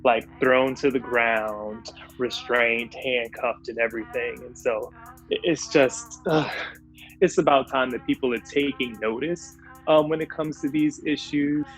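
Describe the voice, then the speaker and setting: A speaker with a mid-range voice gives sober, quiet personal testimony, with faint music behind. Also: medium pitch, steady tone, measured pace, rough recording.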